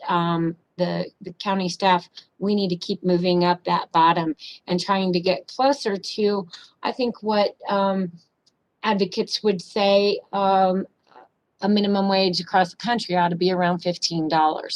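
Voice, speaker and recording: At a public meeting, a woman runs through budget figures for the county commissioners, businesslike and hurried, with plenty of ums and uhs. Her voice sits in the mid range, and the recording is rough.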